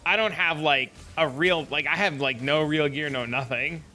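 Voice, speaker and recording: A man's voice: a little high, moderate pace, sharp tone, faint music behind. A man streaming a game, chatting casually in a laid-back, profane, rambling way full of fillers. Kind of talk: casual live-stream chat.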